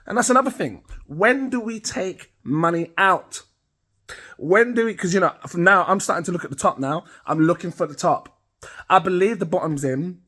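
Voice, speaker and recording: Chatty British man, higher voice. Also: normal speed, bright, forceful tone. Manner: rambling, chatty, laughs at himself. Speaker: crypto channel host. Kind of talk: casual talk to camera.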